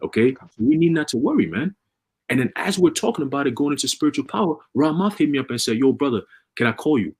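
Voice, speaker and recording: A man casually preaching and telling a story on a religious livestream, with energetic, repetitive street talk full of slang. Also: fairly high pitch, fast talker, slightly rough.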